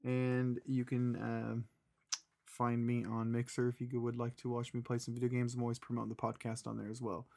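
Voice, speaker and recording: A man with a mid-range voice talks in a relaxed, somewhat rambling way. He co-hosts a podcast and reads stories aloud in casual chat. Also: mid-range voice, moderate pace, creaky. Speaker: podcast co-host. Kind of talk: reading a listener story, then casual chat.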